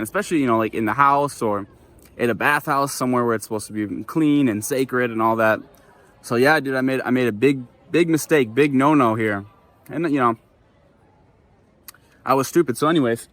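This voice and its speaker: A man's voice: medium pitch, a bit bright. A young man with a mid-range voice tells a story straight to camera, loose and unscripted. His talk is casual and profane, full of "like" and "dude". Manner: laid-back, profane, heavy on "like" and "dude". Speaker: vlogger.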